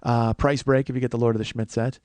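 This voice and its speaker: A man's voice: medium pitch, level tone, fast, darkish tone, no room sound. A man in his forties hosting a comedy podcast, rambling, self-mocking and crude in casual chat. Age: 40s. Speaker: podcast host.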